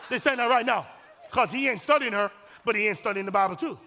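A male pastor with a strikingly high, gravelly voice delivers a sermon with forceful, bright energy. He talks straight to the congregation, hammering his points through repetition and folksy humor. His voice rings out with a long reverb, as in a large church sanctuary. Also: fast talker, slight background noise. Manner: emphatic, repeats phrases, addresses the congregation directly.

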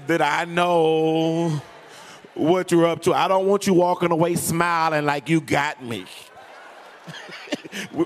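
A high-pitched male preacher delivering a lively sermon with humor and a sing-song lilt. His voice carries a long reverb, as if filling a large hall.

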